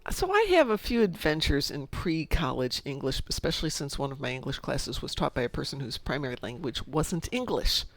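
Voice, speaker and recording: A woman's voice: sits low, very animated, a little fast, few pauses, no room sound. A middle-aged woman streaming a game, chatting casually and talking to herself as she plays. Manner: chatty, rambling, self-talk while playing. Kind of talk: casual chat while gaming.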